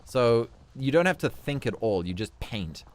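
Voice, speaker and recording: A man hosting a relaxed game livestream in casual commentary, upbeat and chuckling often. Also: mid-range voice, normal speed. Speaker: livestream host.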